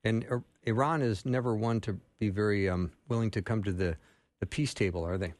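A man's voice: lowish voice, brisk, darkish tone, no room sound. A man hosting a radio talk show, chatting casually with fillers and easy laughs.

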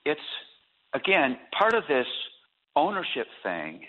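A man guest on a radio interview, explaining his ideas through animated stories and acted examples. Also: a little high, unhurried. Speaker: author and guest. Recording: tinny phone-line audio.

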